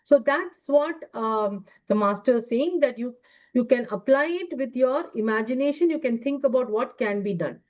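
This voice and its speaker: A woman leads a study class, reading passages aloud and then explaining them at a measured pace. Her voice sits fairly high, and she pauses often on fillers. The recording is dull and lo-fi. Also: lively intonation.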